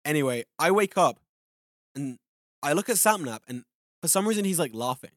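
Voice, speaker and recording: A young man co-hosting a podcast, telling stories in lively casual chat and acting out his own quotes. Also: fairly high pitch, a little fast, no room sound, clean studio sound. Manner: animated storytelling, acts out his own quotes. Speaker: podcast co-host. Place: studio.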